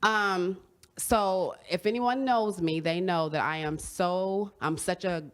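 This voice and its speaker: A woman hosts a faith talk show in a lower register. She gushes over her guest and gets openly emotional. Her talk is casual and warm with affection. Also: slow, clean tone. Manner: effusive, emotional, gushing praise. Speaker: host. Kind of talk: casual chat interview.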